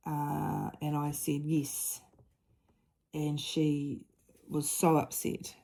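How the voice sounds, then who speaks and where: A middle-aged woman talking through a personal story in a casual chat, earnest and halting, often restarting her sentences. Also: deep voice, steady tone, dark tone. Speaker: mother and diamond-painting vlogger.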